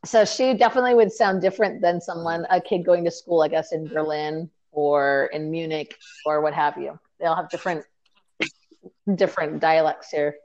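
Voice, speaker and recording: A woman's voice: deep voice, steady tone, normal speed, a little mellow, highs cut off. A woman chatting casually on a podcast over a remote call, telling stories with lots of fillers and laughter. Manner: chatty storyteller, laughs often, many fillers. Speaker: podcast co-host, remote guest. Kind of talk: casual chat.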